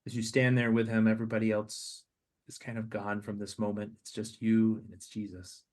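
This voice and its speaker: A man hosting a podcast, leading listeners through a slow guided meditation with soft, hesitant restarts. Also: lowish voice, level tone. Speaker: podcast host.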